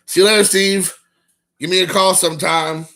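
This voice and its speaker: A man's voice: high-pitched, steady tone, moderate pace, pushed and bright. A man, hosting a rambling, joking live stream and chatting with viewers. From Kentucky. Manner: rambling, joking, reading chat aloud.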